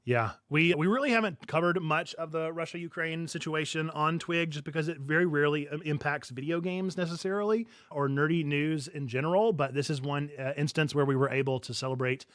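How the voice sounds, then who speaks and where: Man, podcast host, animated and chatty, slightly high voice, laughs often. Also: brisk, hardly any pauses, no echo. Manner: laughs through his words, animated and chatty. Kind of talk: casual news chat.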